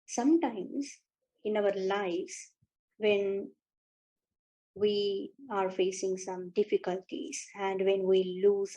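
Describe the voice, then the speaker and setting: A woman with an Indian English accent, giving a devotional discourse and telling stories, slow and warmly unhurried with light laughs and fillers. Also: mid-range voice, rough recording. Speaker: spiritual teacher.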